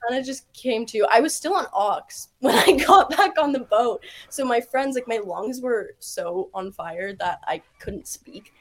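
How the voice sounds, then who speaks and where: A young woman with a slightly high voice tells a long story on a podcast. She rambles, filling her talk with likes and ums, and laughs through it. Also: animated, unhurried, few pauses. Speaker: podcast guest, DJ. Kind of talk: casual storytelling chat.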